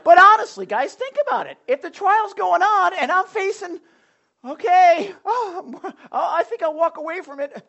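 A pastor preaching a sermon in a loose, conversational way, with jokes and asides to the congregation. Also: male voice, extremely high pitch, expressive, normal speed, creaky, bright, forceful tone, muffled recording.

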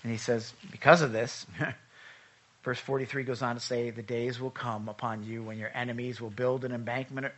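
A man preaching a sermon in a conversational way, urging his listeners loudly one moment and reading scripture in a hushed voice the next. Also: mid-range voice, little pitch movement, normal speed. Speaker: pastor.

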